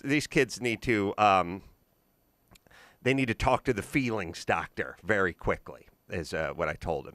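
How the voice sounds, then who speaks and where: A man's voice: lowish voice, sharp tone, dry recording. A middle-aged man with a Southern Californian accent, hosting a podcast and telling comic stories in casual chat, acting out both sides of each conversation. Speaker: podcast host. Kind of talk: casual comedic storytelling. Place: podcast studio.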